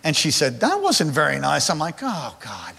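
Animated high-voiced male preacher in a hall. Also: brisk, vocal fry. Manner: animated, addresses congregation directly. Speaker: pastor. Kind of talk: sermon with personal storytelling. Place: large hall or church.

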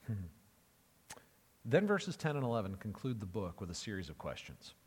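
Emphatic preacher in an echoing hall. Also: male voice, fairly low pitch, sing-song, normal speed, husky. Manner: emphatic, conversational, repeats phrases for effect. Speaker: pastor. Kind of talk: sermon.

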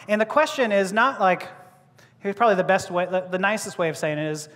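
A man's voice: high-pitched, quick pace, fairly bright tone. A male preacher giving a sermon, joking and laughing as he talks, often restarting his words. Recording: long reverb of a large hall.

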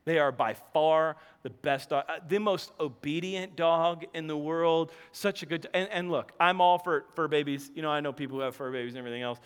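A man in his thirties preaching a sermon, telling stories with quick laughing asides and restarts. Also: on the high side, smooth, big-room sound. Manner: animated storytelling, self-interrupting, laughing asides. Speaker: pastor.

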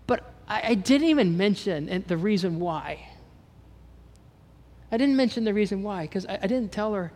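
A man's voice: sits high, lively intonation, moderate pace, a little mellow, big-room sound. A man preaching a sermon as pastor, telling stories animatedly and acting out the dialogue.

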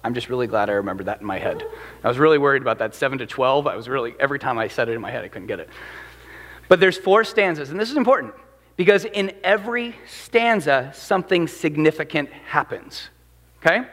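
Here the preacher talks fast in a mid-range voice, with the sound of a big room around him. His sermon is animated and conversational, full of questions directed at his listeners.

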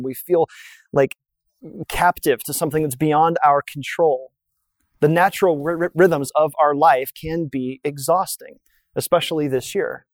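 A man's voice: fairly high pitch, darkish tone, no room sound. A man preaching a sermon in a conversational way, asking his listeners questions and reading scripture aloud. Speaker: pastor.

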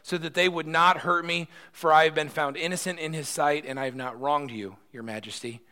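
A man voicing a faithful man who loudly proclaims his innocence to a king, in a raised high voice. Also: a little fast, in a large hall, close to an everyday voice. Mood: proclaiming.

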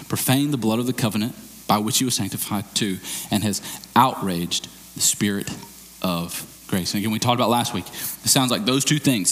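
A man preaching a sermon as pastor, explaining a scripture passage and acting out bits of dialogue in a raised, excited voice. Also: mid-range voice. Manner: animated, acts out dialogue in raised voice.

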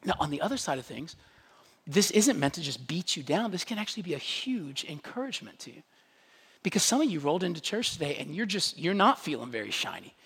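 Animated preacher with a lively, swooping voice. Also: gravelly, breathy edge, in a large hall. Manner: animated, conversational preaching with wide swings in pitch and loudness; emphatic, with rhetorical questions and quick asides. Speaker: pastor. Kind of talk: sermon.

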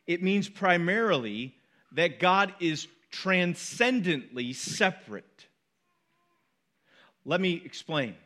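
A middle-aged male pastor with a high, light voice delivers a sermon with emphatic repetition. He talks to his congregation conversationally, dropping in quick asides between his stronger points. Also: sharp tone. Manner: emphatic, repeats key words with rising force.

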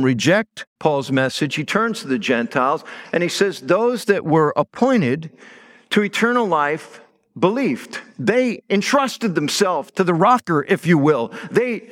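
A middle-aged male pastor delivers a sermon in a voice pitched a touch above most men. He talks it through like a story told to friends, then presses down firmly on the words that matter. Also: a bit bright. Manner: conversational storytelling with stressed words.

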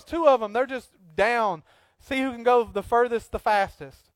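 High-voiced preacher, dry sound. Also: male voice, moderate pace, no echo. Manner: animated, jokey preaching with acted-out asides. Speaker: pastor. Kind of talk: sermon.

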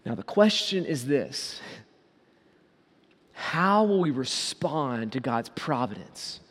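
A man preaching a sermon as pastor, asking the congregation rhetorical questions and slowing down on key words. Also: mid-range voice, very animated, a bit bright, in a large hall.

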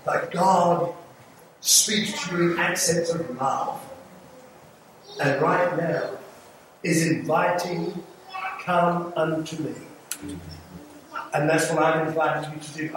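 A man's voice: a little high, steady tone, takes it slowly, long pauses, fairly bright tone. An older man with an English accent preaching an earnest sermon as an evangelist, pleading with the congregation and making small jokes. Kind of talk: sermon with altar call. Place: church sanctuary. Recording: echoey hall, mic far off, audible room noise.

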